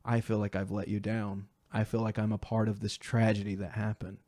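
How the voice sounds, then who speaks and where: A young man with a low, level, slightly mellow voice tells a painful memory as an interview guest, earnest and halting, taking on the voices of people he quotes. The emotional personal story is recorded dry and close, with no echo.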